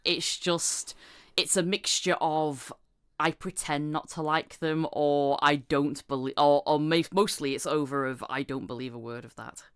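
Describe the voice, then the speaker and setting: A woman's voice: sits low, measured pace, clear, resonant tone, no echo, clean studio sound. A woman hosting a casual podcast chat, telling stories with giggles and acting out what people said. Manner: animated storyteller, giggly, acts out quotes. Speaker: podcast host.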